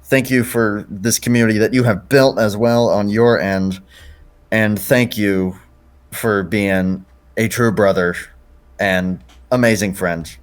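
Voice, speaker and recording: A man on a racing stream as guest commentator, sincerely thanking the host with some halting fillers. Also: on the low side, fairly even intonation. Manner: sincere, affectionate, slightly halting. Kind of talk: casual commentary chat.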